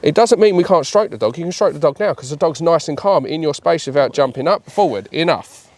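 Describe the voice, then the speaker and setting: A man's voice: on the high side, expressive, brisk, a little mellow. A man, coaching dog owners in a hands-on training session, talking bluntly with plenty of swearing and voicing what the dog is thinking. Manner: blunt, sweary, mimics the dog's thoughts.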